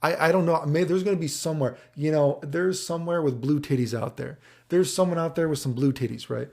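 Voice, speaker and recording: Male commentator with a low, mellow voice and a rough fry, rambling through a frustrated gaming rant. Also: brisk. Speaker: fighting game commentator.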